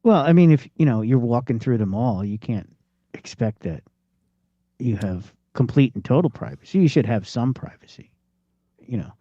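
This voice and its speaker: A man's voice: medium pitch, expressive, normal speed, warm tone, no room sound. A man co-hosting a casual talk show, laid-back and mostly chiming in with short replies. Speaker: podcast co-host. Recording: dull lo-fi sound.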